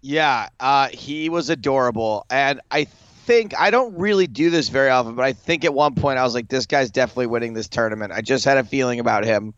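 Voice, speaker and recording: A man's voice: mid-range voice, brisk, clean tone, no room sound, dull audio. A man co-hosting a poker podcast in casual chat, telling stories with lots of filler words. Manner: chatty, lots of filler likes, animated retelling. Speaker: poker show co-host.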